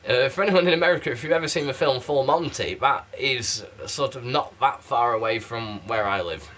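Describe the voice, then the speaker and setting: Brisk and a bit bright at medium pitch, a chatty man from South Yorkshire, England, vlogs as a YouTube candle reviewer. He rambles and puts himself down in casual chat to camera, his accent a mixed South Yorkshire English, recorded through a PlayStation camera mic.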